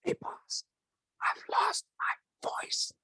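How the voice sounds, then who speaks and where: A man's voice: drawn-out words, sharp tone, no echo, studio quality, full character voice. A man playing a panicked worker faking a lost voice. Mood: faked whisper. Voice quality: breathy, hoarse whisper.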